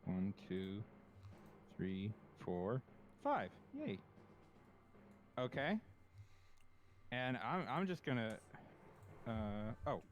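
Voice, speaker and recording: A man's voice: medium pitch, very animated, extremely slow, long pauses, slight background noise. A man playing a tabletop game, talking casually, with hesitant stammers and a playful tone. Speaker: player. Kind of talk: casual tabletop gaming chat.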